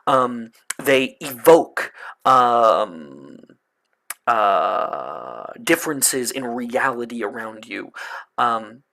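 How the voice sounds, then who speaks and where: Casual, halting male game master. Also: mid-range voice, big pitch swings, gravelly, pushed and bright. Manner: casual, hesitant with many fillers. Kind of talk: narrating a tabletop game.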